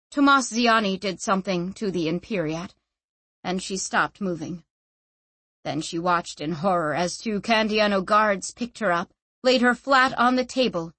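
A woman narrating a story in measured, dramatic scripted narration. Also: medium pitch, fairly bright tone, no echo. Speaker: audiobook narrator.

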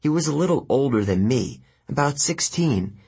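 Male narrator, first-person story, husky voice, lively intonation. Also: medium pitch, normal speed. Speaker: audiobook narrator.

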